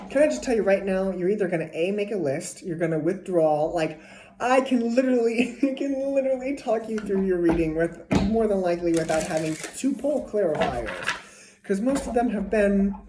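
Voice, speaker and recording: A woman's voice: mid-range voice, lively intonation, normal speed. A woman giving a casual tarot reading to a zodiac sign, chatty and repeating herself, sometimes dropping to a whisper. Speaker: tarot reader. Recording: echoey room with faint noise.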